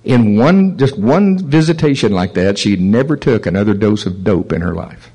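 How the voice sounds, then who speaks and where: A man preaching a sermon, telling stories in an animated way and chuckling at them. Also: on the low side, normal speed, husky, low-quality recording. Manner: animated storytelling, chuckles at his own stories. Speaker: pastor.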